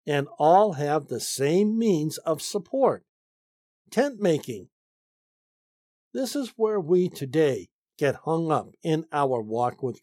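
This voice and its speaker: A man teaching the Bible, reading commentary aloud and explaining it slowly, stressing key phrases. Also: fairly high pitch, dark tone, no echo, clean studio sound. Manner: slow, deliberate reading with emphatic stresses.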